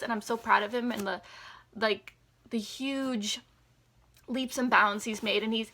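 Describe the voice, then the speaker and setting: A woman's voice: a little high, fairly bright tone. A woman chatting casually as a beauty vlogger through an unboxing, gushing, full of "like" fillers and sometimes dropping to a near whisper.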